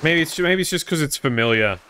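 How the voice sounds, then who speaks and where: An Australian man chats casually with his stream viewers, rambling and amused at himself. His voice is smooth and clear, and his pitch swings widely as he talks. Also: expressive, fairly quick, bright, forceful tone. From Queensland, Australia. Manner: rambling, wry, self-amused.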